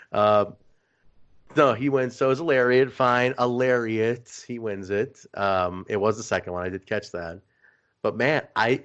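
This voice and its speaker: A man co-hosting a casual podcast who tells stories with animated energy, swears freely and laughs often. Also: lowish voice, highs cut off. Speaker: podcast co-host. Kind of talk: casual chat.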